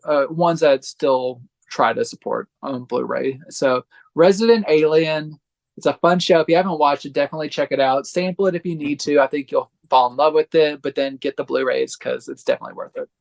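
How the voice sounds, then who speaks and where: A man's voice: a little high, brisk, gravelly. A man co-hosting a podcast, casually and enthusiastically recommending disc releases, with frequent fillers. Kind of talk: casual chat.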